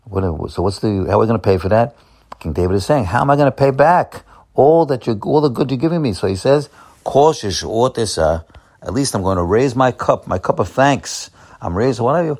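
A man giving a Torah sermon in an animated way, with many restarts and emphatic peaks. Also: medium pitch, a little fast, creaky. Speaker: rabbi.

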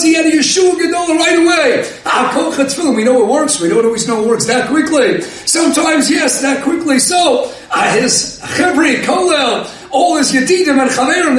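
A man, a rabbi, preaching a story-filled sermon, animated and often shouting with excitement. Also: very high voice. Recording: echoey hall from far off.

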